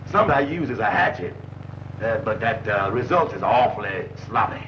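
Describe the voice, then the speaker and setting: An actor playing a deadpan former barber who sleepwalks with a razor, speaking in a slow, dry drawl in 1940s film comedy style. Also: male voice, lowish voice, close to an everyday voice. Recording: dull old film soundtrack with hiss.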